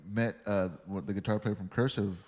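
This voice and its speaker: A man's voice: lowish voice, steady tone, fairly quick, a little mellow, long reverb tail. A man guesting on a podcast, telling rambling stories full of swearing and acted-out quotes. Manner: rambling, swears freely, acts out quoted dialogue. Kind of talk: casual storytelling chat.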